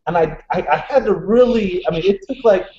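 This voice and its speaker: A man's voice: high-pitched, fairly quick, slight background noise. A man co-hosting a podcast, telling stories in casual chat, swearing freely and filling his talk with "you know". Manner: profane, animated storyteller with many fillers. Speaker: podcast co-host. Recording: dull lo-fi audio in an echoey room.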